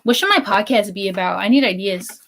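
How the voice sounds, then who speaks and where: A woman's voice: mid-range voice, brisk, noisy background. A young American woman, tired after work, rambling drowsily on a casual livestream. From United States. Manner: rambling, drowsy, trails off on tangents. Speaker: streamer co-host.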